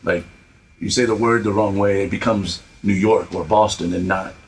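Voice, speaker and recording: A man co-hosts a relaxed conversation in a fairly low voice. He mostly nods along with short replies, then asks follow-up questions. Faint noise hums behind him. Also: moderate pace, poor audio. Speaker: podcast co-host. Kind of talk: casual interview chat.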